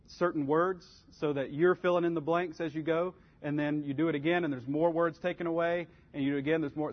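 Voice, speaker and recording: Man, Bible class teacher, earnest conversational advice, slightly high voice, muffled recording. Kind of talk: practical church class teaching. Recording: dull lo-fi recording.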